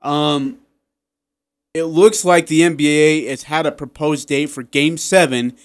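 A tired man co-hosting a casual sports talk radio show in a studio, telling stories in an animated way. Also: on the high side, measured pace, clear, resonant tone, dry recording. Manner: animated storyteller who acts out dialogue. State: tired, running low on energy. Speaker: radio co-host.

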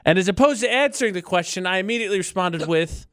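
A man's voice: high-pitched, expressive, fast talker, a bit bright, clean tone, dry recording. A man co-hosting a radio show in a studio, bantering in a playful, teasing, argumentative way. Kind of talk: casual morning radio banter.

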